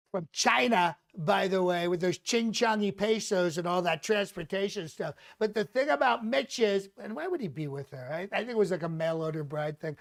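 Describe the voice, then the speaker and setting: A man doing a comic impression of a boastful, rambling older male president, repeating himself as he brags. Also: sits high. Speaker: comedian doing a live mock press conference.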